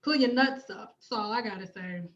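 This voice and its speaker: A woman's voice: on the high side, moderate pace, a bit bright, highs cut off. A woman, a hair care vlogger, speaking bluntly and emphatically to her livestream viewers, with profanity and repeated phrases. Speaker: hair care YouTuber and cosmetologist.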